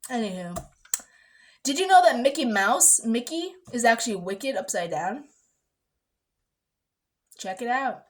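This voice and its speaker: A young woman who works as a massage therapist, talking in a casual rambling vlog, chatty and animated, acting out quotes and sometimes dropping to a low mutter.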